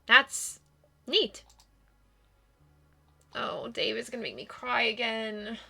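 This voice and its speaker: A woman's voice: a little high, moderate pace, creaky, pushed and bright, husky. A woman hosting a gaming video and giving casual commentary in a candid, emotional way, with hesitations.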